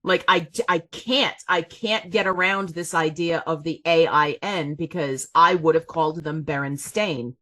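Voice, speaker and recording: This is a woman with a lowish voice, chatting as a podcast co-host. She is animated and emphatic, pressing her points firmly. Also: a little slow, hardly any pauses. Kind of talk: casual chat.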